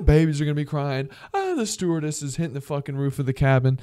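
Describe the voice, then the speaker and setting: A man's voice: medium pitch, animated, quick pace, hardly any pauses, mellow, clear, resonant tone, no room sound. A man as a podcast guest, telling rambling, profane stories in casual chat. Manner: profane, rambling, acts out voices in his stories. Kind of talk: casual storytelling.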